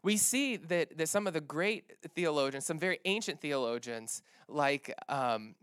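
A man's voice: fairly high pitch, measured pace, clean tone, dry recording, clean studio sound. A man preaching a sermon in a conversational way, often restarting phrases and acting out the people in the story. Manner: conversational, many restarts and fillers, animated retelling. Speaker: pastor.

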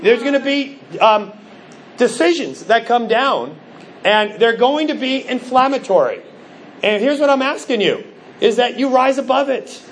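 A middle-aged male pastor preaching a sermon, telling stories with animated, acted-out quotes. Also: very high voice, a little slow, a little hiss or hum. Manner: animated storytelling, acts out quoted voices.

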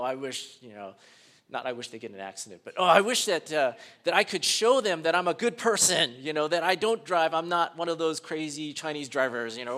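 Male pastor, sermon delivery, slightly high voice, animated swings from hushed to loud.

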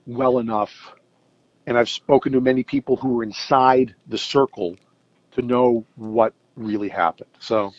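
A man's voice: medium pitch, darkish tone, no echo, lo-fi sound. A middle-aged man talking casually as an interview guest about music, thoughtful and hesitant, with many fillers and restarts. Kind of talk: casual interview over a call.

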